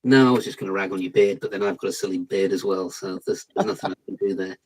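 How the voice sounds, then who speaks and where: A man's voice: deep voice, quick pace, darkish tone, slightly rough, rough recording. A British man chatting on a video call as a guest podcaster, joking and self-deprecating. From Britain. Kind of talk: casual video call chat.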